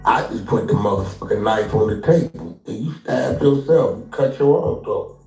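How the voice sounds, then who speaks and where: A man's voice: medium pitch, moderate pace, creaky, a little mellow. A man delivering a confrontational, slang-heavy rant, taunting someone and mimicking other people's lines along the way. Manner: taunting, acts out others' lines in mock voices. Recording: roomy distant audio with music behind.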